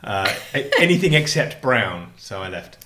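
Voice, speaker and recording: Animated joking man in a kitchen. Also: medium pitch, normal speed, noisy background. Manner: animated and joking, rambling restarts. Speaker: podcast co-host. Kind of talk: casual chat with his wife. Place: home kitchen.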